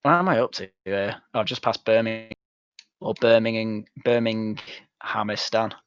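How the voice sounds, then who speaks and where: A man's voice: fairly low pitch, fairly quick, a bit bright, smooth, dry recording, highs cut off. A young man from Manchester, chatting bluntly and swearing while streaming a game. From Manchester, England. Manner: blunt, sweary, mocking banter. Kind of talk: casual chat while gaming.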